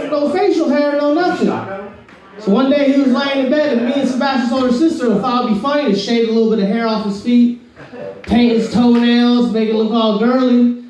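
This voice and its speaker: A man's voice: very high voice, distant mic, noisy background. A man from Florida with a Southern accent, doing a rambling, laid-back stand-up set and calling everyone bro. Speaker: stand-up comedian. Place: comedy club stage. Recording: echoey room, mic from afar.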